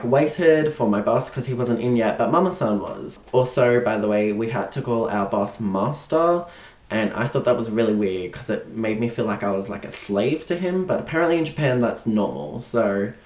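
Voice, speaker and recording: Chatty young man telling a story. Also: mid-range voice. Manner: chatty, heavy on "like", acts out quoted people. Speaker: vlogger. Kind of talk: storytime vlog. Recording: roomy echo.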